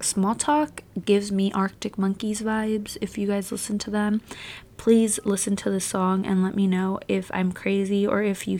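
A woman's voice: medium pitch, darkish tone. A young adult woman chatting casually to her viewers, bubbly and rambling with lots of fillers and asides. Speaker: vlogger. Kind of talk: casual chat to camera.

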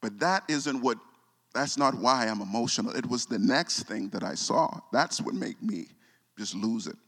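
Brief: male pastor, forties, mid-pitched, emotional sermon storytelling, long church reverb. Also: expressive, moderate pace. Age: 40s. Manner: repeats words and restarts, voice drops soft when moved. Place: church sanctuary.

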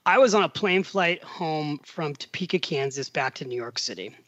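A man's voice: a little high, moderate pace, no echo, dull audio. A middle-aged man, a podcast guest, telling a long story in casual conversation and acting out the quotes. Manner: animated storyteller, acts out quotes.

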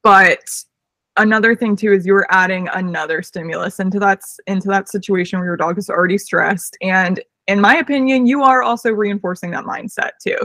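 Young woman dog trainer explaining stuff confidently, dry close sound, mid pitch. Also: brisk, pushed and bright, no echo. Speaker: dog trainer and podcast co-host. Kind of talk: casual podcast chat.

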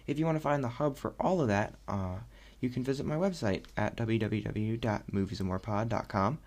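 Young male podcast host, low and gravelly, loose rambling chat full of fillers. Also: a little fast. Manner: rambling, animated, many fillers. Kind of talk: casual solo podcast chat.

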